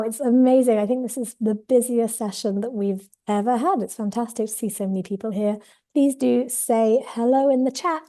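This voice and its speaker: A woman hosting a webinar over a video call from an office, upbeat and chatty, her voice a little husky while she recovers from tonsillitis. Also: on the high side, mellow. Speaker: webinar host, co-CEO. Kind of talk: welcoming webinar introduction.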